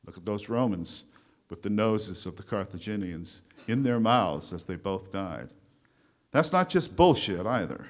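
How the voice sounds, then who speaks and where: A gruff, profane army general barking orders at his men, declaimed by a man in a talk. The voice is pitched higher and louder than his everyday talk, booming and blustering. It rolls crude threats out like a rallying cry. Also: very animated, a little slow. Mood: fierce, rousing. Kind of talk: declaimed speech recitation.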